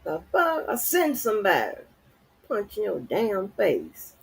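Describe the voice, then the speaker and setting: Woman, husky and lively, profane confrontational stream rant. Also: medium pitch, a little slow, poor audio. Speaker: livestream host. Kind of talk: angry unscripted rant.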